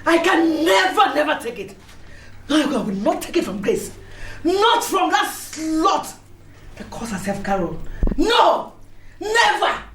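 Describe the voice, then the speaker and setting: A very high, swooping voice belonging to a haughty Nigerian club matriarch, shrieking and laughing with scorn. The room is echoey, with music underneath, like a Nollywood film. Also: female voice, very animated, slow pace, full character voice. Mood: outraged. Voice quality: shrill, shouting, laughing scornfully. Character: Betty, proud furious club matriarch.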